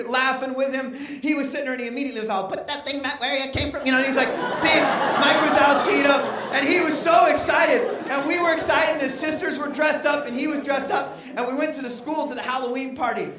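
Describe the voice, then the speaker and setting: Middle-aged man telling lively stories. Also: very high-pitched. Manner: lively, animated storytelling with comic asides. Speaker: speaker. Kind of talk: storytelling talk to teenagers. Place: large hall with a teen audience. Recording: echoey large hall, mic far off.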